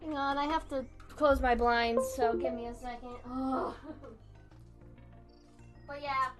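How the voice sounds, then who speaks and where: A young woman talks loosely while she doodles, drifting between thoughts with frequent giggles and casual swearing. Her voice sits a little high, with soft music playing faintly under her. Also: steady tone, slow. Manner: giggly, rambling, swears often. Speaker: art streamer. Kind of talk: casual chat while drawing.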